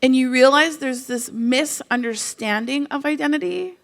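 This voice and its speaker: A middle-aged woman from Canada giving a conference keynote, telling stories in a conversational, expressive way. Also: high voice, normal speed, gravelly. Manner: expressive storytelling, conversational with frequent "like". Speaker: keynote speaker.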